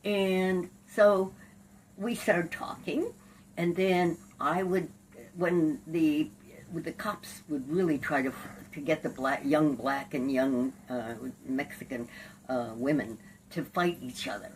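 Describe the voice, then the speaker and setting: An older woman, a lawyer and activist, recounting her life in an oral history interview, lively and salty, acting out the people in her stories. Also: low-pitched, slow pace, distant mic, slight background noise, rough recording. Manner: lively raconteur, laughs and curses while acting out scenes.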